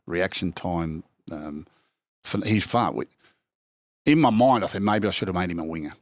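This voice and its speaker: A man's voice: sits low, normal speed, no echo. An older man with an Australian accent, a former rugby league coach telling stories in casual chat, acting out quotes with many restarts. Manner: yarn-spinning, acts out quotes, frequent restarts.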